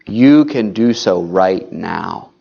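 A man's voice: deep voice, animated, takes it slowly, gravelly, dull audio. A man preaching a sermon, earnest and pleading, often calling his listeners folks.

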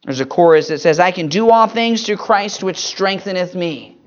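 Earnest preacher with dramatic soft drops. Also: animated. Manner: earnest, swings between emphatic rises and soft low drops; quotes scripture slowly with stress on single words. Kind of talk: Mother's Day sermon with prayer. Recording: dull lo-fi recording.

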